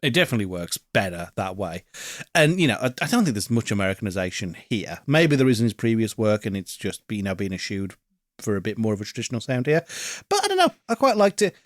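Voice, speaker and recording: A man's voice: on the low side, sing-song, fast talker, no echo, studio quality. A man co-hosting a podcast, giving thoughtful casual opinions on an album, hedging with ums and restarts and swearing now and then. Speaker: podcast co-host. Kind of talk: casual music review chat.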